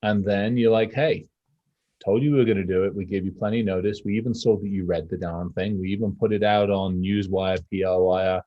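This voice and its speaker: A man's voice: deep voice, fairly quick, no room sound, lo-fi sound. A man co-hosting a casual podcast, rambling and profane, acting out quotes as he talks. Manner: rambling, profane, animated storytelling. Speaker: podcast co-host.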